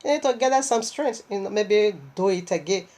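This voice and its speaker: A woman's voice: mid-range voice, animated, a little fast, dark tone. A woman preacher delivering a sermon while unwell and tired, telling her story animatedly and emotionally, with laughs.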